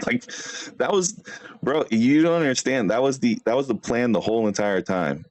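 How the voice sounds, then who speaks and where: A man's voice: mid-range voice, moderate pace, darkish tone, no room sound. A man hosting a livestream, talking casually and brashly to chat, trash-talking a rival and laughing often. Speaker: livestream host.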